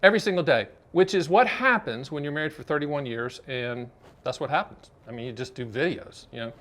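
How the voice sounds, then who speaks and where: Talking directly to viewers, this Southern US annuity advisor and show host runs his finance explainer vlog in a chatty, salesy, jokey style. His voice sits a little high and a bit bright, and he speaks fairly quickly.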